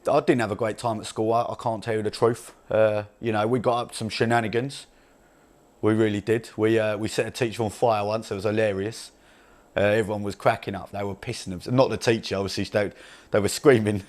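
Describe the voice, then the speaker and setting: A man's voice: on the low side, a little mellow, lightly acted. A man playing a brash, crude chav with an Essex accent, rambling and swearing in laddish banter as a comedy character monologue.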